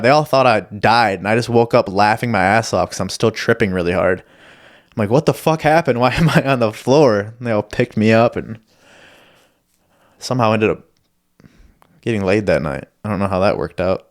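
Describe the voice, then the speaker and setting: A young man with a lowish voice tells stories in a loose, rambling monologue. He swears freely and pokes fun at himself as he goes. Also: normal speed. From Michigan. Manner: profane, rambling, self-deprecating. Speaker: podcast host. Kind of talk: casual storytelling monologue.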